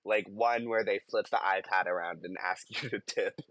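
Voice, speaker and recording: A young man co-hosting a podcast, chatting casually in an unhurried, wry way that drifts into tangents. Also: on the low side, steady tone, fairly bright tone, dry recording. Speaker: podcast co-host. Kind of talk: casual chat.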